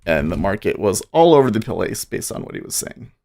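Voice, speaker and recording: A man hosting a day-trading livestream, talking casually in a rambling, halting way with many restarts. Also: lowish voice, sing-song, creaky, mellow.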